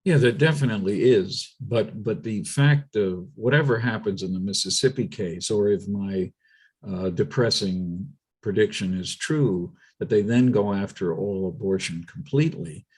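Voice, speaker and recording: A man speaking as a guest on a political talk show, emphatic and animated, often restarting his sentences. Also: lowish voice, normal speed, slightly rough.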